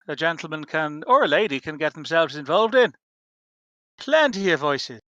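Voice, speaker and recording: A man's voice: sits high, pushed and bright, dry recording, highs cut off. A man playing a tabletop game in character, folksy and playful in his banter. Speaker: player.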